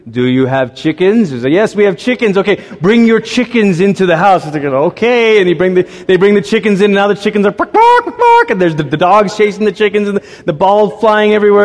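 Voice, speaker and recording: Man, pastor, sermon, slightly high voice, animated storyteller, voices the characters, long reverb of a large hall.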